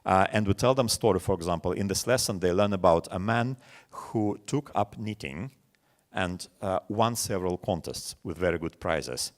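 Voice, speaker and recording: A man's voice: deep voice, moderate pace. A man in his forties with a Russian accent, a native Russian speaker, gives a webinar lecture to teachers and tells stories full of examples. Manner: storytelling with many examples, animated quoting. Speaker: teacher trainer.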